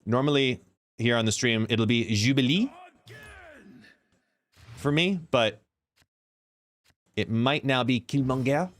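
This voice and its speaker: Seated at home, a man streams a card game live, explaining his plays and chatting while greeting viewers by name. He speaks slowly in a mid-range voice with long pauses.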